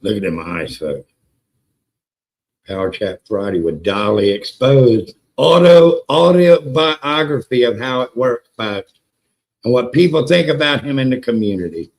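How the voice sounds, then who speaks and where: A man hosting a casual livestream, excitable and profane, greeting chatters by name and repeating words for emphasis. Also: medium pitch, a little slow, rough recording. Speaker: livestream host. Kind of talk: casual live-stream chat with viewers.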